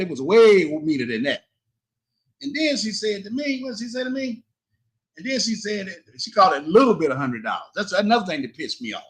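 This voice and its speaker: A middle-aged man telling a story on his livestream, animated and indignant, cursing and quoting both sides of an argument. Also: high-pitched. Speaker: livestream host.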